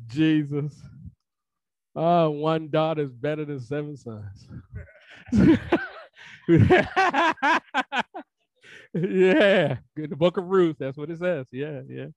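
Brief: male pastor, fairly high voice, emphatic and repetitive, dry close-miked sound. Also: slow pace, darkish tone, no echo. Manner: emphatic, colloquial, repeats phrases for emphasis. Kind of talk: sermon. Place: church sanctuary.

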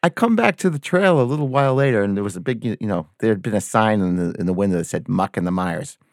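A man in a band telling a lively anecdote in casual chat, acting out the quoted voices and laughing often. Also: lowish voice, fast talker, dry recording, clean studio sound. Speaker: band member guest.

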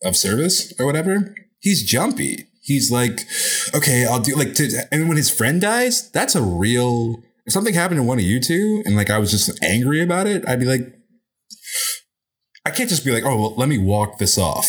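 A man co-hosting a podcast in casual chat, animated and profane, with lots of filler. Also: mid-range voice, moderate pace, slightly rough. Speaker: podcast co-host.

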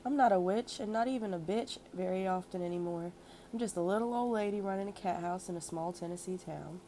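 Woman doing a kindly old madam, soft and cultured but blunt, lowish mellow voice. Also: brisk, a little hiss or hum, close to an everyday voice, poor audio. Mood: teasing. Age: older. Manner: soft, warm, cultured, sometimes peevish and blunt. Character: kindly elderly wealthy madam, blunt and warm.

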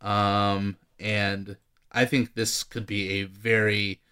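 A man's voice: on the low side, level tone, slow pace, pushed and bright, smooth. A man co-hosting a casual film podcast, hesitant and full of fillers, trailing off mid-thought. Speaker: podcast co-host, working actor. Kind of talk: casual chat about movies.

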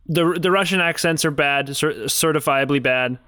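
A man's voice: on the high side, moderate pace, smooth, no echo, clean studio sound. A man co-hosting a podcast, joking and telling stories in casual chat about a video game. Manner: joking, animated storytelling. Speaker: podcast co-host.

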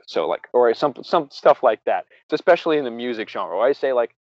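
A man chatting casually, full of fillers and quick laughs. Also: medium pitch, very animated, no echo. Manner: filler-heavy, laughs often. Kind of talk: casual chat. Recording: dry, dull lo-fi audio.

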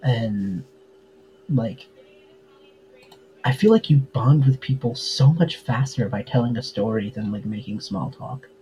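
A man's voice: medium pitch, measured pace, pauses often, mellow, a little hiss or hum, low-quality recording. A man chatting casually as a podcast guest, full of fillers and easy laughs. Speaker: podcast guest, tabletop game player. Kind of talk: casual interview chat.

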